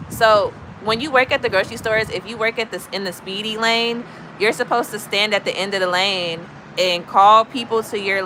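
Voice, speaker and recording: A woman from Chicago chatting to her live stream, telling blunt, animated stories in a casual, gossipy way. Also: medium pitch, a little hiss or hum, rough recording. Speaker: livestream host. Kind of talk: casual storytelling to live chat.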